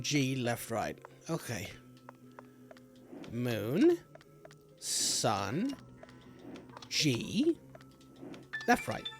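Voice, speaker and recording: A man with a slightly high-set voice chats his way through a video game stream, rambling and joking as he plays. He scolds the enemies on screen and talks straight to the camera. Game music plays clearly behind him. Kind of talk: casual let's-play commentary.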